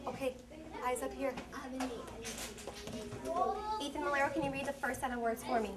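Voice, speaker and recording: High voiced lady teacher running her class, quick firm directions, lots of very good and next one. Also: steady tone. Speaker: elementary school teacher. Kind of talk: classroom instruction. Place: elementary classroom.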